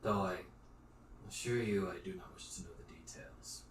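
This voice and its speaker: A man's voice: sits low, natural voice. A man playing a sour, formal old mayor. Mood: formal, guarded. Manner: slow, formal, measured speech. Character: older stern male village mayor, sour noble. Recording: roomy echo, distant mic, faint noise.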